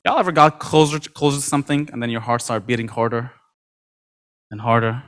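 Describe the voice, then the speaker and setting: Bright-voiced man telling a lively story on stage. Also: medium pitch, fast talker. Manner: animated, acts out quoted dialogue, many repetitions. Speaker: motivational speaker. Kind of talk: energetic storytelling speech. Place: convention stage.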